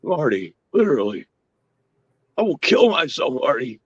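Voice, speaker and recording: A man's voice: mid-range voice, big pitch swings, normal speed, breathy edge, no room sound. A man in casual chat, mocking and repeating words for effect, with a dull lo-fi sound.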